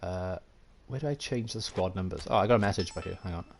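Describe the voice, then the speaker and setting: A man's voice: sits low, fast talker, creaky, a little mellow, slight background noise. A Welsh man thinking aloud and chatting with viewers while live-streaming a football management game, self-mocking and casual. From Wales. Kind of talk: live gameplay commentary.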